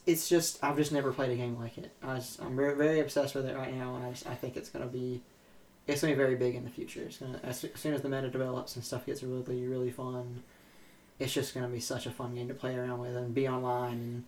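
A man's voice: medium pitch, little pitch movement, a little fast, roomy sound, low-quality recording. A young man co-hosting a podcast, talking casually in a rambling, hesitant way with many fillers. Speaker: podcast co-host. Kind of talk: casual chat.

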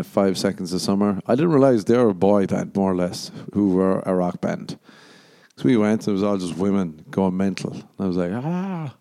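Rambling Irish podcast host. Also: male voice. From Ireland. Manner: rambling, animated, jumps into high voices when quoting himself. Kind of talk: casual storytelling monologue.

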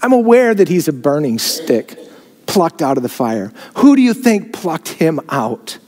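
A man's voice: fairly high pitch, sing-song, a little slow, a little mellow. A man preaching, voicing God defending someone against an accuser. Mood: protective. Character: God, defiant and protective. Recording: long hall reverb.

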